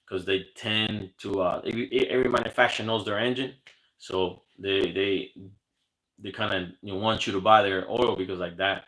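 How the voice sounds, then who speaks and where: A chatty, rambling man hosts a casual livestream and answers viewers' messages one after another. His voice has a bright, forward edge, and he talks at a middle pitch. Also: rough recording. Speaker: boating channel host. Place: South Florida.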